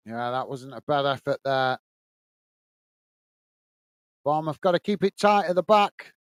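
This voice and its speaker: A British watch-along host calls a football game steadily, talking with viewers between plays and going higher in pitch to greet them. His voice is clean in tone and a little slow, on a dry recording.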